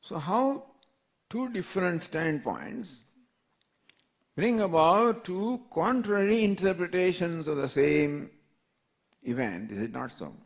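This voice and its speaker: A man's voice: sits high, animated, vocal fry. An older man, a spiritual teacher, giving a scripture class lecture, reciting verses and asking repeated questions. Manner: slow, repetitive questioning, reciting Sanskrit verses.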